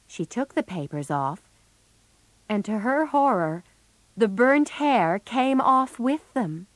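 Slow, lively storybook narrator, a woman. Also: mid-range voice, no echo. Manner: clear, measured reading.

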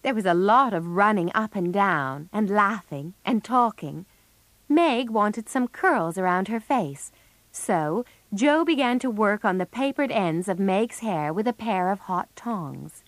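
A woman narrating a storybook audiobook in a clear, measured reading. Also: mid-range voice, expressive, dry recording.

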